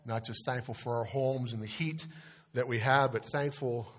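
A pastor praying and then preaching to his congregation, earnest, with many restarts, going soft on prayer phrases and louder on stressed words. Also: mid-range voice, steady tone, normal speed. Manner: earnest, with frequent restarts and fillers. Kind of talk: sermon with opening prayer. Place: church sanctuary.

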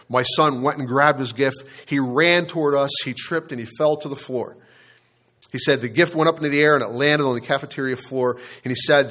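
A man's voice: mid-range voice, sharp tone. Storytelling male preacher. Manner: storytelling, addresses the congregation directly, slows down for emphasis. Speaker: pastor. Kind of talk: sermon.

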